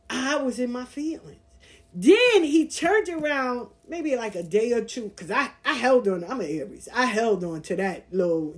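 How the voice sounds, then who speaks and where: A woman's voice: a little high, normal speed. A woman in her forties hosting a casual monologue, speaking bluntly and candidly as she tells personal stories. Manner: candid, blunt, animated storytelling with profanity. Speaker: podcast host.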